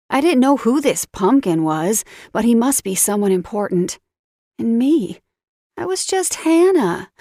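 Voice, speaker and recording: A woman narrating a first-person romance audiobook in an unhurried, dramatic storytelling voice. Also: a little high, vocal fry, a little mellow, no room sound, clean studio sound.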